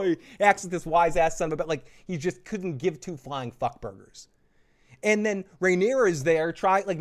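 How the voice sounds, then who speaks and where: A man with a slightly high voice rants through a TV episode recap. He swears freely, laughs at his own jokes and slips into mocking impressions of the characters. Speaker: host. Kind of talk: casual TV recap and review.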